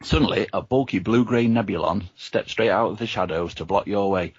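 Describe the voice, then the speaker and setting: A man reading a gamebook aloud to friends as host, steady and offering them the choices. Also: fairly low pitch, a little fast, husky, no room sound, muffled recording. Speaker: reader and host.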